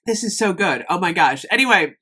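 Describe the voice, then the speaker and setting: A woman's voice: on the low side, animated, a little fast, sharp tone, slightly rough. A woman chatting casually in a product review vlog, rambling with frequent ums as she talks to the camera. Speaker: candle review vlogger.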